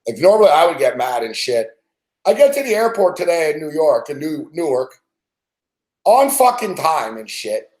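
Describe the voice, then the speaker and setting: A man's voice: a little high, sing-song, moderate pace, a little mellow. A man hosting a sports betting show, rambling through a casual story full of swearing and fillers. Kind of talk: casual profane storytelling rant. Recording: roomy echo.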